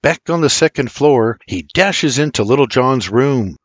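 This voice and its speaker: Older male narrator, dramatic and animated in delivery, dry booth sound. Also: medium pitch, a little slow, husky, dry recording, lo-fi sound. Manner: dramatic, intense storytelling. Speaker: audiobook narrator. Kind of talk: scripted dramatic audiobook narration.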